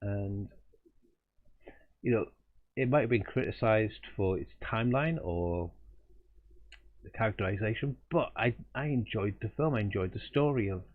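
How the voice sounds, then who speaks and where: Brief: middle-aged male artist streamer, lowish voice, tinny phone-like sound, chatty rambling storyteller. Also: normal speed, pauses often. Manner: rambling, chuckling, restarts mid-sentence. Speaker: artist hosting a live drawing stream. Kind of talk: casual anecdotal storytelling.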